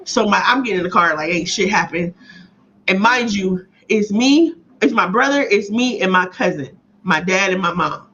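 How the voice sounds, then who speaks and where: A woman co-hosting a casual chat, telling a story in a profane, animated way with a lot of laughing. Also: mid-range voice, moderate pace, slight background noise. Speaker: podcast co-host. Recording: slightly muffled audio.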